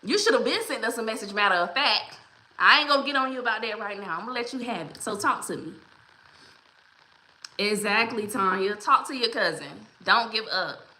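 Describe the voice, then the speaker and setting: A woman's voice: mid-range voice, moderate pace, pushed and bright. Chatty woman hosting a livestream. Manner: chatty, encouraging, greets viewers by name. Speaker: livestream host. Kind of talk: casual livestream chat. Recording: roomy echo.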